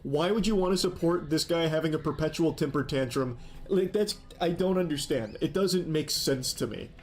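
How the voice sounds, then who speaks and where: A man's voice: fairly high pitch, normal speed, darkish tone, soft background music. A man commentating on a stream clip in a sarcastic, mocking, incredulous way. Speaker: reaction commentator.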